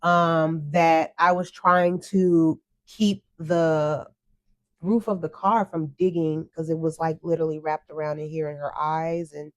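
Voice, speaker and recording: Low-voiced woman retelling an ordeal. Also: level tone, unhurried. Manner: earnest, tearful retelling, quotes herself. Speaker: podcast co-host. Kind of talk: emotional storytelling.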